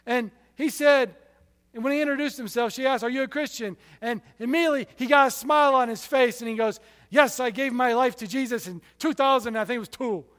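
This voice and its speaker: A man preaching a sermon, telling stories with passion, his loudness rising and falling sharply. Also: extremely high pitch, a little fast, big-room sound.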